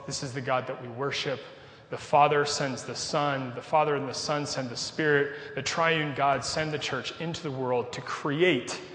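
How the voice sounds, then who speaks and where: A man with a nasal voice, preaching a sermon in a conversational way with casual asides. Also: medium pitch. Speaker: pastor. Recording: echoey hall with long reverb.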